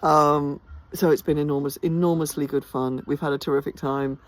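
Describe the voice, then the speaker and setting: A woman's voice: sits low, steady tone, normal speed. A tired woman chatting enthusiastically in a casual behind-the-scenes vlog, full of ums and restarts. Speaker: theatre company director. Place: outdoors by a house.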